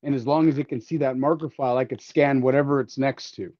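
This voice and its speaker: A man's voice: medium pitch, steady tone, fast, darkish tone, no echo. Joking, rambling man on a livestream. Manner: rambling and joking, with many fillers and restarts. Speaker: livestream host demonstrating 3D scanning. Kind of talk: casual livestream chat. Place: workshop. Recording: slightly dull, lo-fi stream audio.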